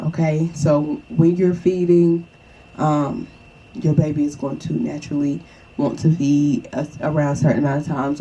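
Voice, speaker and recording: A woman's voice: deep voice, dark tone, slightly rough, highs cut off. A young woman chatting casually and reassuringly to the viewer, often checking in with "okay?". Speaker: vlogger. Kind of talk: casual advice chat.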